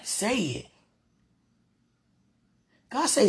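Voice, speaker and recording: A woman's voice: medium pitch, animated, slow, a little mellow, breathy edge. A woman, praying aloud in a fervent, pleading, rambling way and laughing between phrases. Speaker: religious speaker. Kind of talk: emotional spoken prayer.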